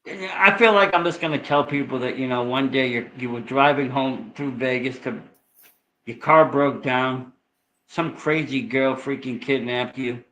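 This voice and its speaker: Joking Boston man with a bright voice. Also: medium pitch, measured pace, a little hiss or hum, poor audio. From Massachusetts. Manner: joking, profane banter. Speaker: co-host. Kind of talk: casual late-night chat.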